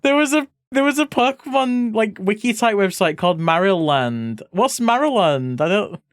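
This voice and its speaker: Giggly British streamer, lively voice. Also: mid-range voice, moderate pace, no echo. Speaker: streamer hosting a guest. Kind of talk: casual live-stream chat. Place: home streaming setup.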